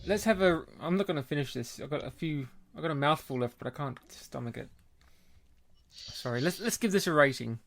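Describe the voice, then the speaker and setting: Man, podcast co-host, casual chat, somewhat high voice, chummy and laughing. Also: animated, brisk, vocal fry. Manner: chummy, laughs often, calls people mate.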